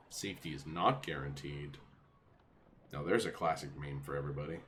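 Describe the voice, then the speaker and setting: A man with a deep, low voice giving a relaxed let's-play commentary. He chats and jokes as he plays, curious and a bit nosy. Game music sounds clearly behind him. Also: a little fast. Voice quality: chatty, jokey, nosy. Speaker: gaming channel host. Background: video game music.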